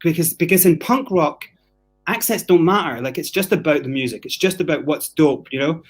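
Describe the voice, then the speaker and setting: A man's voice: a little high, fairly quick, faint music behind. A man from Scotland telling a story on a casual podcast, swearing freely and acting out the things people said to him. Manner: animated, profane, acts out quotes. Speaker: guest storyteller.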